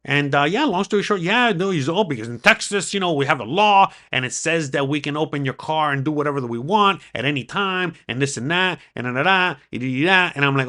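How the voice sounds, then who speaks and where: Man, vlogger, casual storytelling to camera, excitable, curses a lot, bright voice. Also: fairly high pitch, a little fast, few pauses. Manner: excitable, swearing, acts out the quoted dialogue.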